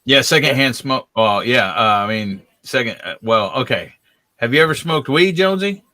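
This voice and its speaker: A man with a bright, sharp, mid-pitched voice co-hosts a loose live stream chat. He teases the others and keeps breaking into laughter. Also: lively intonation, moderate pace, no room sound. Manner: teasing and laughing often.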